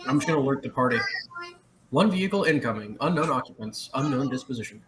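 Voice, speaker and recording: A woman's voice: rumbling low, animated, quick pace, echoey room, noisy background. A woman playing a tabletop game, speaking in a clipped, matter-of-fact way. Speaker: player. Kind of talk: casual in-character play.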